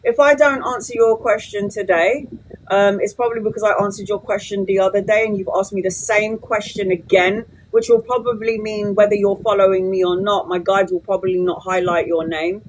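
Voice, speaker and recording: A woman's voice: medium pitch, fairly even intonation, slight background noise, poor audio. A woman in her forties, a tarot reader talking casually and bluntly on a live stream from her phone, swearing freely. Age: 40s. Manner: blunt and sweary, quick to vent.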